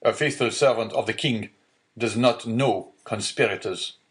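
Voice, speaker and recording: A man's voice: lowish voice, a little slow, a bit bright. A man voicing a stern male deputy prosecutor in an audiobook, stiff and formal, giving orders.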